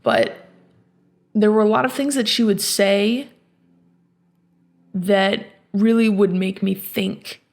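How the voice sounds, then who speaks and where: A woman hosting a personal storytelling podcast, speaking in a reflective, halting way with many restarts. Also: mid-range voice, steady tone, a little mellow. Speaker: podcast host.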